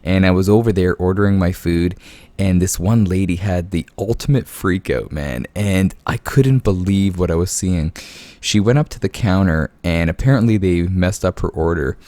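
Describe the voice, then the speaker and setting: A man with a low voice and dark tone speaks at a moderate pace in a dry recording. Hosting his gaming channel from home late at night, he chuckles through casual game commentary and storytelling, easygoing and peppering his talk with "man," keeping his voice down so he won't wake the house.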